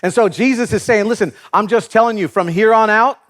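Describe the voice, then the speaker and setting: A pastor preaching a sermon, retelling scripture animatedly, acting out quotes and joking with the congregation. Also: male voice, high voice, brisk, fairly bright tone.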